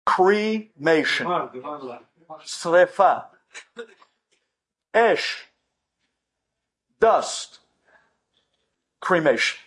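A man's voice: moderate pace, a bit bright. A man doing a bitter, estranged middle-aged daughter. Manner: low, bitter, cutting.

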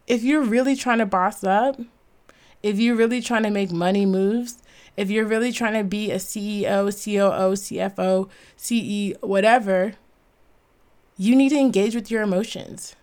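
A woman's voice: medium pitch, moderate pace, darkish tone. Earnest woman hosting a solo talk. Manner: earnest, emphatic, laughs at herself. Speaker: podcast host.

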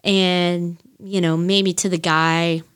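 Lady podcaster rambling on, lots of likes and swearing, kinda low voice. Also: flat delivery, slow, clean tone. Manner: rambling, gushing, many fillers and swears. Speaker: podcast host. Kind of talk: casual solo music chat.

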